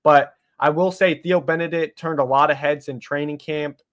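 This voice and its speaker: A man's voice: on the high side, steady tone, moderate pace, fairly bright tone. A man co-hosting a sports talk show, chatting casually about an upcoming football game with frequent restarts. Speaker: podcast co-host.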